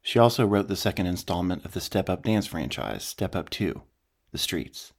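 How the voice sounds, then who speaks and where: A man's voice: sits low, expressive, moderate pace, gravelly, slightly rough. A man, managing editor and host, reading a scripted podcast introduction with a dry, wry touch.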